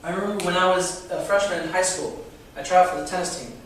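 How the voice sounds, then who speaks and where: A man's voice: sits high, fairly even intonation, fast, noisy background. A young man giving an informal class to students, chatty and full of rhetorical questions, often stumbling and repeating himself. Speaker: student lecturer. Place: classroom with a live audience. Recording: echoey room, voice from far off.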